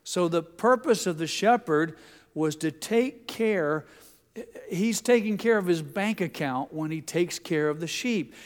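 A middle-aged man preaching a sermon, telling folksy stories with asides and restarts. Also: on the high side. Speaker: pastor. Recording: long reverb of a large hall.

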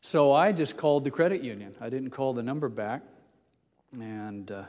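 An older male pastor delivers a sermon in a middle-pitched voice, reading scripture slowly and deliberately. He drifts into folksy personal stories, pausing often with fillers. His voice carries a long hall reverb, as in a large church sanctuary. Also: darkish tone. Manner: folksy and anecdotal with frequent filler pauses.

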